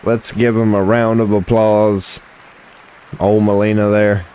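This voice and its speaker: Low-voiced man joking through live commentary. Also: level tone, a little slow, darkish tone, smooth. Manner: crude, joking, trolling banter; drawling interjections like "come on now, man". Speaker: livestream host. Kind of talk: livestream reaction commentary.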